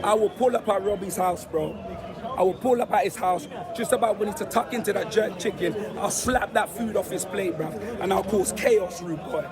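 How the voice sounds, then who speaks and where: A hoarse young man with a London accent, vlogging loudly and boastfully to a phone camera after a football win. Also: sits high, normal speed. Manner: loud, boastful street-slang banter. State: hoarse, voice nearly gone. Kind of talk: excited fan vlog to camera. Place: crowded street outside a stadium. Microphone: handheld phone camera. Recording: noisy crowded street. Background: crowd of fans.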